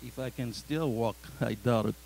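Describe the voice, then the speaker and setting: A man's voice: mid-range voice, normal speed, creaky, a little mellow, a little hiss or hum, low-quality recording. A man on a live community panel who speaks with a self-deprecating, joking manner. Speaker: parent panelist.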